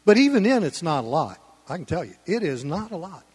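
A man preaching a Sunday sermon in church, folksy and conversational, swinging between loud emphatic lines and quiet low asides. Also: big pitch swings, brisk, breathy edge, big-room sound. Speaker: pastor.

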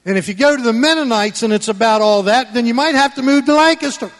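A man preaching a Sunday sermon in church, folksy and conversational, swinging between loud emphatic lines and quiet low asides. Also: fast talker, in a large hall. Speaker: pastor.

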